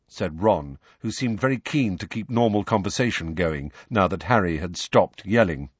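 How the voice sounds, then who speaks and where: A man reading an audiobook aloud, narrating in a low, measured way and switching into character voices. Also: expressive, husky, no room sound, muffled recording. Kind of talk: scripted narration.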